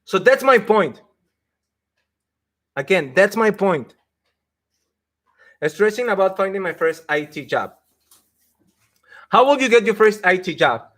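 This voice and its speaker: A career coach talks through a live stream with a fairly high voice. He is emphatic and laughs often, and he acts out mock quotes of the people he argues against. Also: expressive, unhurried, long pauses, a bit bright.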